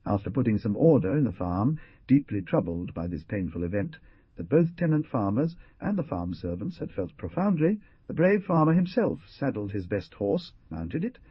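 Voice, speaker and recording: A man narrating an audiobook in measured storytelling. His voice is low and husky, yet rises and falls a lot. The recording is dry, dull and lo-fi. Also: big pitch swings, no room sound. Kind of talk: scripted narration.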